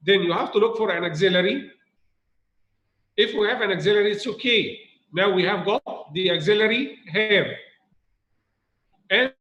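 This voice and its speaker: A man teaches a grammar point to students, repeating himself and asking whether it is clear. His voice sits high for a man, and it rings around a reverberant room. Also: pushed and bright. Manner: repeats points, asks students rhetorical questions. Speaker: English teacher. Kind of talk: recorded grammar lesson.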